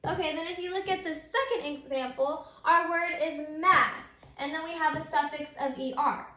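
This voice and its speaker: A woman teacher explains spelling rules patiently, one step at a time, with plenty of ums. Her voice is high and bright. It sounds like a roomy, echoey space. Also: moderate pace. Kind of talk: recorded grammar lesson.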